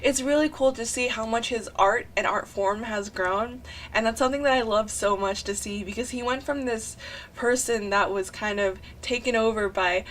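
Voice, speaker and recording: A young woman talking over her drawing video, gushing and rambling excitedly with sighs and lots of "like". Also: on the high side, moderate pace, a little hiss or hum. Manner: rambling and breathless, often saying "like". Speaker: artist narrating a drawing video. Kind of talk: casual chat voice-over.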